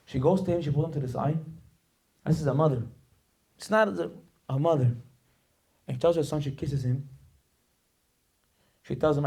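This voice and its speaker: A man's voice: on the high side, moderate pace, long pauses, darkish tone, breathy edge. A male rabbi giving a sermon, emphatic and dramatic, telling stories and acting out the voices in them. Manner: acts out quoted voices.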